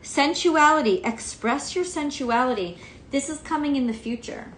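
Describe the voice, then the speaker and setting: A woman's voice: high voice, normal speed, roomy sound, slight background noise. A woman giving a casual tarot reading, frank and emphatic, swearing freely. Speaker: tarot reader.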